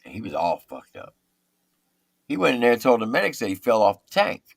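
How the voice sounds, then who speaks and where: A middle-aged man with a gravelly, fry-laden voice that swings up and down a lot as he spins profane war stories. The sound is close and dry, with no room around him. His voice sits somewhat low. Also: brisk, no echo. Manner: animated, profane storyteller. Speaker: military veteran guest. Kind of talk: casual storytelling.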